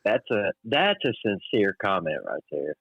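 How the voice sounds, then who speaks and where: Laid-back male co-host with a lowish voice and short replies, slightly muffled recording. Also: very animated, measured pace, husky, no room sound. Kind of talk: casual chat.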